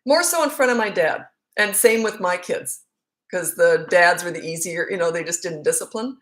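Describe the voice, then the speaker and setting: A middle-aged woman coaching parents in a relaxed question-and-answer session. Her voice sits a little low, and she speaks bluntly and frankly, often repeating a word to drive her point home. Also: moderate pace. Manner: blunt, frank and emphatic, repeats words for stress. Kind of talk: casual Q&A answering viewer questions.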